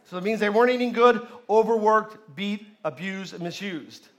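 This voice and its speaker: A man's voice: sits high, normal speed, a bit bright, highs cut off. A male pastor preaching a sermon at a church service, leading the congregation in call and response.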